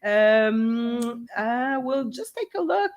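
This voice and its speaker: A woman's voice: fairly high pitch, animated, extremely slow. A woman veterinarian with a Québécois accent, hosting a casual live stream and switching between French and English, chatty and hesitant with many fillers. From Quebec.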